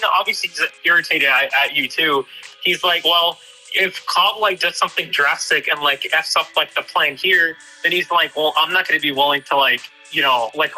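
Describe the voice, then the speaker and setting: A man's voice: fairly high pitch, sharp tone, low-quality recording. A man chatting casually with a friend, retelling a talk hesitantly with lots of fillers and "he's like". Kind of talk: casual chat.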